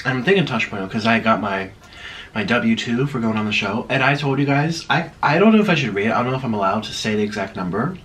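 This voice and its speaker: A man's voice: mid-range voice, animated, quick pace, fairly bright tone. A man chatting casually while eating on camera, rambling and laughing at himself. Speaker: mukbang vlogger.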